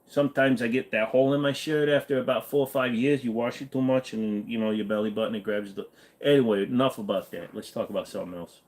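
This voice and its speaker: A man's voice: on the low side, fairly even intonation, fast talker, darkish tone. A man hosting a casual livestream, joking and rambling while answering chat. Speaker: livestream host.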